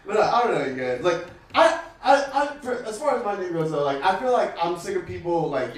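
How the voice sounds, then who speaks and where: Rambling stand-up comic in echoey club. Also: male voice, fairly high pitch, recorded from a distance, slight background noise. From United States. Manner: casual, rambling delivery with many fillers. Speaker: stand-up comedian. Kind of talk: stand-up comedy set. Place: comedy club stage.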